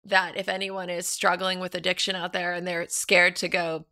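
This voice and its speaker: A woman in her thirties chatting as a guest, telling an animated story full of fillers and acted-out quotes. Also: fairly low pitch, moderate pace, no echo. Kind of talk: casual chat, storytelling.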